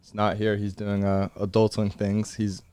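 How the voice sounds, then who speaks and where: A young man in college hosting a podcast, chatting casually with energetic, slangy banter inside a truck. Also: lowish voice, moderate pace, clean tone, no room sound. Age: young adult. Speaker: podcast host. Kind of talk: casual chat.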